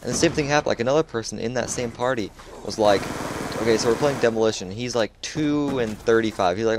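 A man's voice: medium pitch, fast, background noise. A man chatting casually over his own gameplay, laid-back and loose, full of dude and like. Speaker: gamer sharing a match.

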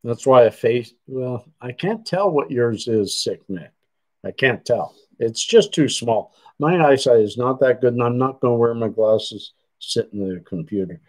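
Slow-talking man chatting with viewers. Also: medium pitch, animated, low-quality recording. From Canada. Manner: rambling, chatty, trails off mid-sentence. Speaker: livestream host. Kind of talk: casual livestream chat reading viewer comments. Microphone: computer desk setup.

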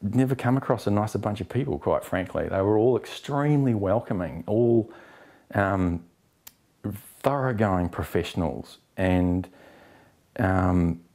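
Low-voiced man in a candid interview. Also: takes it slowly, long pauses. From New Zealand. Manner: candid and expressive, acts out quoted exchanges. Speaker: actor interviewee. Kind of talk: relaxed interview answers.

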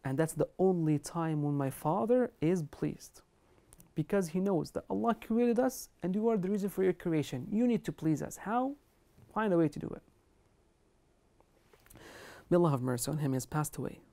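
A woman's voice: lowish voice, expressive, normal speed, pauses often, mellow. Earnest woman giving an Islamic lecture. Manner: earnest, emphatic, quotes Arabic scripture and scholars. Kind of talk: religious lecture on kindness to parents.

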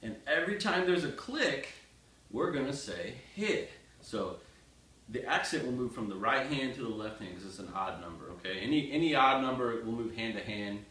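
A man's voice: mid-range voice, expressive, normal speed. A man teaching a casual music lesson, chanting counts and rhythm words aloud and talking to the student in a joking, direct way. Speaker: drum teacher. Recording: roomy sound from a distance with loud noise.

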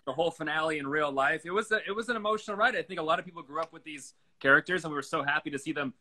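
Fast bright young host. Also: male voice, fairly high pitch. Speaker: interview host. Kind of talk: casual livestream interview.

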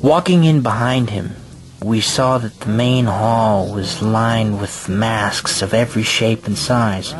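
Low-voiced male story narrator. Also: slow, crowd noise. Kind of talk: scripted narration. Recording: clear background music.

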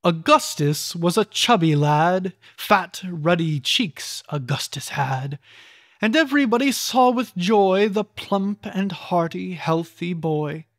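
An audiobook reader narrating old rhyming children's stories with a deliberate, theatrical delivery and voiced characters. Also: medium pitch, expressive, a bit bright, no room sound, clean studio sound. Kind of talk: storybook verse narration.

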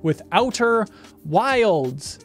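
High-voiced upbeat male trivia host. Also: big pitch swings, very slow, a bit bright, faint music behind. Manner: upbeat, announcer-like reveals of answers. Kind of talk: livestream game show hosting.

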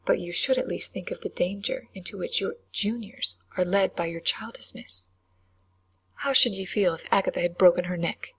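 A woman voicing a stern, composed headmistress in a whispered role-play reading, quiet and severe. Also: on the low side, moderate pace, husky, full character voice.

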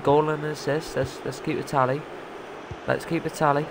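A young man giving live commentary over his own football video game play, muttering remarks and bursting into loud shouts when something happens. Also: a little high, normal speed, background noise. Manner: excitable, loud outbursts between muttered remarks. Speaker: gaming streamer.

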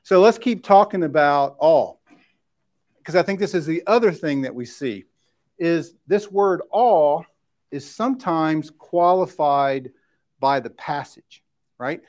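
Man teaching a relaxed Bible class. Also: fairly high pitch, slow. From West Tennessee. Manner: informal, keeps asking "right?", restarts and checks in with the class. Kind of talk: conversational Bible study lesson. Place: church classroom.

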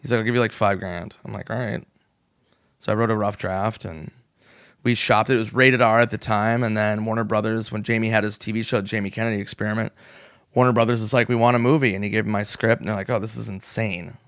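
A man's voice: on the low side, fairly even intonation, fast, a bit bright, dry recording, clean studio sound. A man in his forties from the United States, a comedian guest telling stories in casual chat, swearing freely and acting out what people said. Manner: swears freely and acts out quoted voices. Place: podcast studio.

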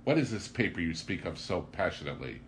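A man voicing a crafty vagabond who speaks gently and politely, playing innocent. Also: low voice, sing-song, fast, slight background noise. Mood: sly, polite.

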